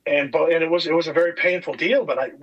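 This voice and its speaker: A man from California, a former motocross racer, telling racing stories in a casual podcast chat, animated and swearing freely. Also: fairly high pitch, fast, breathy edge, highs cut off. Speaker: guest, retired motocross racer.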